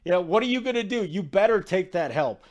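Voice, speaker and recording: A man putting on a rough Serbian accent to voice a basketball star delivering a flat, matter-of-fact boast. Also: high voice, fast, voice pushed up. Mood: deadpan. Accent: Serbian, put on. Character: star basketball center mocking a rival, deadpan.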